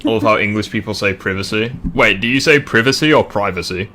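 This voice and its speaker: Bright-voiced joking male streamer. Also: lowish voice, fast, a little hiss or hum. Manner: joking, swears freely. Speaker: streamer host. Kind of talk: casual livestream chat while gaming.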